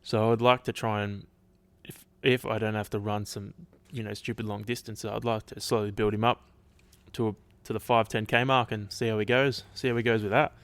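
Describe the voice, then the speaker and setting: A man's voice: lowish voice, level tone, a little fast, fairly bright tone, clean tone, dry recording. Laid-back podcast guy, rambling. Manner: rambling, swears casually, many restarts. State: dry throat. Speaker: podcast host. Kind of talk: casual solo podcast chat.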